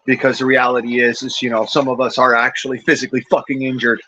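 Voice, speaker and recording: A man's voice: medium pitch, flat delivery, fast, pushed and bright, muffled recording, a little hiss or hum. An injured veteran, a man who has had a couple of beers, ranting furiously and profanely into his cell phone, stammering over his restarts. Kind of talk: angry vlog rant.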